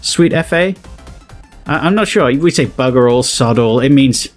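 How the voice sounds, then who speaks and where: Brief: British YouTuber, casual and rambling, explains slang with frequent chuckles and restarts, faint music underneath. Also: male voice, mid-range voice, lively intonation, normal speed. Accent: British English. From Britain. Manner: rambling, chuckling, self-correcting. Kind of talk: casual reaction commentary.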